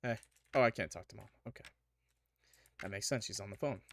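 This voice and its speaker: A man playing through a story game, reading narration aloud and reacting with excitable, animated outbursts. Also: fairly low pitch, fairly quick, creaky. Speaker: gaming streamer. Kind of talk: let's play commentary and reading narration.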